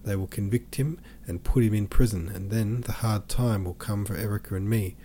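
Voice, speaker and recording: A man voicing a distraught middle-aged woman pleading tearfully with her brother, in a low, mellow reading voice. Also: normal speed, slight background noise, natural voice. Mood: despairing. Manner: pleading, tearful, breathless run-on speech.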